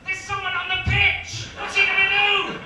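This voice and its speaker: A man putting on an excitable Scottish sports co-commentator who shouts in frantic bursts. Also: extremely high pitch, moderate pace, pitched above the performer's own voice. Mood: alarmed. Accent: attempted Scottish, drifting. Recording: echoey venue from far off, noisy.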